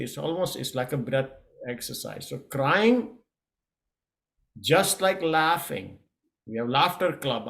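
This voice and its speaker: A middle-aged man coaching a yoga lesson in a casual, halting way, with many fillers and restarts. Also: mid-range voice, vocal fry.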